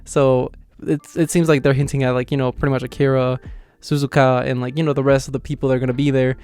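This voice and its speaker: Male reviewer, casual and rambling, clear smooth voice with a flat delivery, faint music bed. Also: mid-range voice, quick pace, no room sound. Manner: rambling, heavy with fillers like "like" and "you know"; excited, acts out characters' lines in his own voice. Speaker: manga reviewer. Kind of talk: casual reaction commentary.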